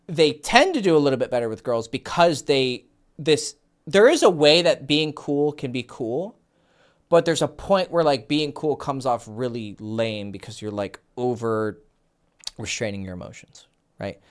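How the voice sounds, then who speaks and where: Animated, swearing male dating coach. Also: medium pitch, measured pace. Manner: animated, profane, acts out quoted dialogue. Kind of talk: casual coaching Q&A.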